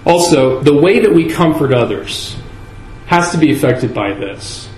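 A man preaching a sermon in a church, earnest and measured, leaning on key words with slow emphasis. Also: on the high side, expressive, a little mellow, a little hiss or hum. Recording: echoey room with faint ambience.

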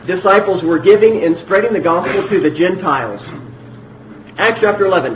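A man preaches a sermon in a high, lively voice that leaps up and down, repeating himself for emphasis. He moves from loud declarations to hushed asides, and the room rings with echo over a faint background hum.

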